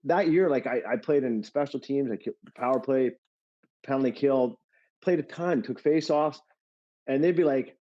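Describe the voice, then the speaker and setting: A middle-aged man telling stories casually as a podcast guest, animated and full of fillers. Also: medium pitch, normal speed. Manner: animated, laughing storyteller with many fillers. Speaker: guest, former hockey player. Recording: dull lo-fi sound.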